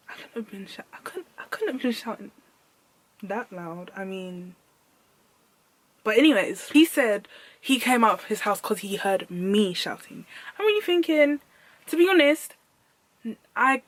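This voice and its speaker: Animated woman telling a story. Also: medium pitch, normal speed. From United Kingdom. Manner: animated, slangy, emphatic repetition. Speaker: vlogger. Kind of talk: storytime vlog.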